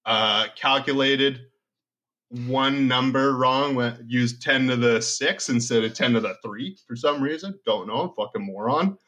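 A man's voice: mid-range voice, measured pace, pushed and bright, dull audio. A young man in his twenties on a casual podcast chat, telling rambling, profane stories. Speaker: podcast co-host.

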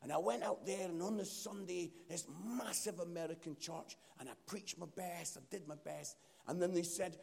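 A Scottish man preaching a sermon in a church, telling a story with lively, acted-out quotes. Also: high voice, normal speed, creaky, few pauses. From Scotland. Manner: animated storytelling, acts out quotes.

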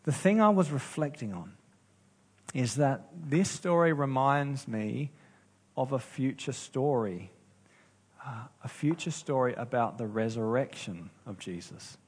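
A man preaching a sermon as pastor, earnest and unhurried, with pauses and restarts. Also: medium pitch, lively intonation, darkish tone, breathy edge.

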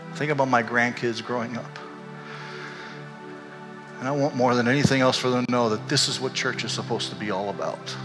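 An older man, a pastor, telling a candid and emotional personal story in a sermon, animated as he goes. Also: mid-range voice, a little fast, long pauses, over music. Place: church sanctuary. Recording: echoey hall.

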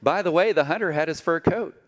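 A man's voice: a little high, fairly quick. A middle-aged man preaching a sermon as pastor, telling stories with humor and joking with the congregation. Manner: animated storytelling, jokes with the congregation.

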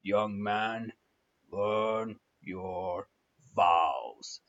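A stern, short-tempered priest barks out his rebuke, as a man puts him on. He is pompous and booming. The lo-fi recording dulls the sound. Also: drawn-out words, a bit bright, exaggerated voice. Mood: scolding. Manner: booming, scolding. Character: haughty bad-tempered male priest, stern. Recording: dull lo-fi recording.

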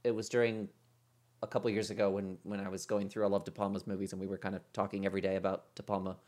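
A man co-hosting a podcast in casual chat, thinking aloud with many pauses and fillers. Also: low voice, little pitch movement, a little mellow. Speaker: podcast co-host.

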